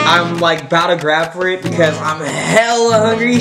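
A man's voice: fairly high pitch, normal speed, hardly any pauses, loud music behind the voice. A man hosting a casual vlog, hyped and jokey, talking in slang while out and about in a car. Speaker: vlogger host.

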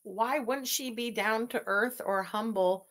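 A woman's voice: a little high, a little slow, fairly bright tone. A woman giving sarcastic, swearing reaction commentary on a livestream. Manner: sarcastic, scathing, swears freely.

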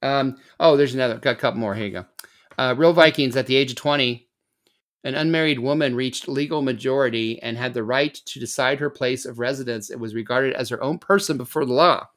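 A man's voice: medium pitch, fairly quick, fairly bright tone, dry recording. A man hosting a casual sports podcast, joking around and hamming up bits. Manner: jokey, playful, hammy bits. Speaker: podcast host.

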